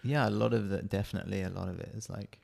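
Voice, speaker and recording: This is a relaxed podcast host, a man with a mixed British and South African accent, talking low and deep. His voice carries plenty of gravelly fry, and he chats easily and laughs often. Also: quick pace. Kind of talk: casual chat.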